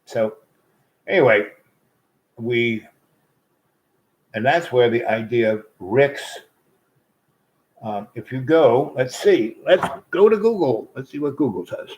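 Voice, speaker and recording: A man's voice: mid-range voice, slow pace, pauses often, a little mellow, lo-fi sound. A man hosting his own show, telling a long, meandering story with many restarts and asides. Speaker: host. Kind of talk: rambling storytelling monologue.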